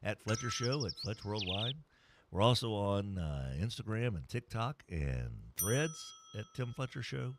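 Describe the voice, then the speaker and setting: A man's voice: on the low side, animated, a little slow, noisy background. A man hosting a morning sports radio show, joking his way through live ad reads. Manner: playful, jokey, mock-whispers and funny voices during ad reads.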